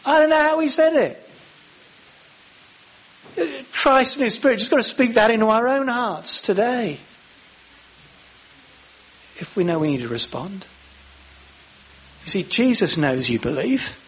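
A man preaching a sermon, acting out the lines of the Bible characters with lively emphasis. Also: sits high, a little slow, pauses often, slightly rough.

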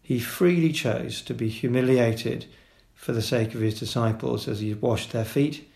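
A man's voice: mid-range voice, a little slow, vocal fry, dark tone. A man preaching a sermon as pastor, earnest, with frequent fillers and restarts as he works through numbered points. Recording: roomy church hall sound.

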